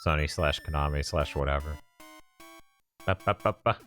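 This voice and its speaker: With a very deep voice, this gaming stream co-host talks at a moderate pace in a fairly bright tone. He keeps things casual over gameplay, joking, laughing frequently and reading chat messages out loud, while game music runs underneath.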